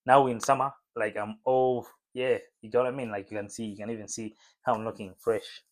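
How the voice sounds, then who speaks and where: Man, casual vlogger, relaxed and chatty, talking to camera at home. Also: mid-range voice, brisk. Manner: relaxed, chatty, frequent fillers. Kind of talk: casual talking-head vlog. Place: home room lit by a window.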